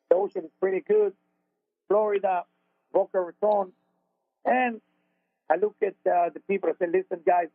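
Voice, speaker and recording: A high-voiced man with an Israeli accent speaks earnestly, often repeating his words as he tells his story. His voice comes over a narrow, phone-like band with a dry, close sound. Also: dry recording. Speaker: radio show host, spiritual teacher. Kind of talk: conversational storytelling on talk radio. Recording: dry phone-like radio audio.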